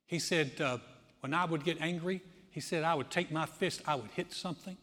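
A man preaching a sermon as pastor, telling stories with lively acted-out quotes. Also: on the high side, moderate pace, in a large hall. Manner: animated storytelling, acting out quoted voices.

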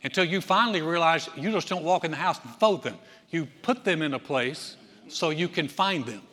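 A man preaching a sermon, animated, acting out scenes with loud cries and asides. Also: on the high side, brisk. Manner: animated, acts out voices with shouts. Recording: echoey hall.

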